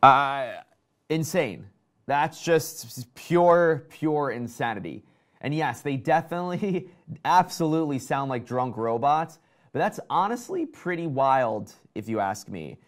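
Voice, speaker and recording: A man's voice: mid-range voice, measured pace. Chatty man hosting a tech stream. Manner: excited, chatty, reads out viewer comments. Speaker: tech show host. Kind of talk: casual live-stream tech chat.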